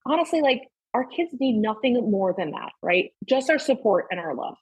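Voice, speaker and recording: A woman's voice: fairly high pitch, big pitch swings, normal speed, slightly rough, dry recording, muffled recording. A woman in her thirties, a mother guesting on a podcast, chatting candidly and swearing freely. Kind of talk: casual chat.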